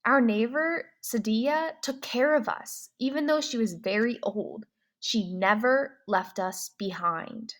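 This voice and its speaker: A woman reading a novel aloud in the first person, pausing to ask comprehension questions, slow and clear. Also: on the high side. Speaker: reader.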